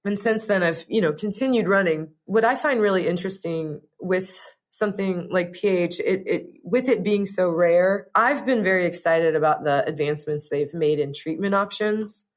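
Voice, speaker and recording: A young adult woman talking casually in an interview, earnest and reflective, with frequent "you know" and "like" fillers. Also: low voice. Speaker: podcast guest, patient sharing her story.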